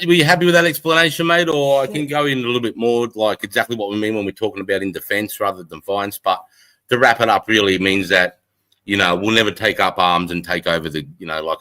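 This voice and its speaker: A man's voice: lowish voice, pushed and bright, poor audio. A middle-aged Australian man hosting a casual live stream from his front porch, easygoing and sweary, greeting viewers by name. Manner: laid-back, sweary, greets chat by name. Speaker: livestream host.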